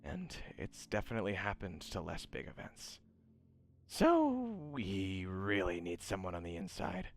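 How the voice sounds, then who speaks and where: A man's voice: low voice, very animated, measured pace, creaky, exaggerated voice. A man voicing a menacing young villain boss who gives curt, crude orders over a phone call. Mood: scheming.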